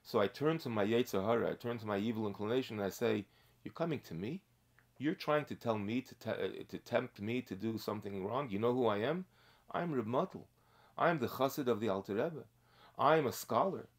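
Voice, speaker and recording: A man's voice: medium pitch, fairly quick, lightly acted. A man doing a proud, boastful Hasidic merchant. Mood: proud, emphatic. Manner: boastful, emphatic. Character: proud wealthy Hasidic man, self-assured scholar.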